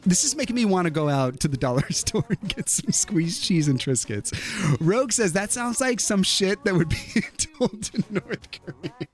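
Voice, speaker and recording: A man's voice: high-pitched, moderate pace. A man hosting a livestream, chatting casually and reading viewer comments aloud, laughing often. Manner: animated, laughs often, lively. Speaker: livestream host. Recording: faint music behind.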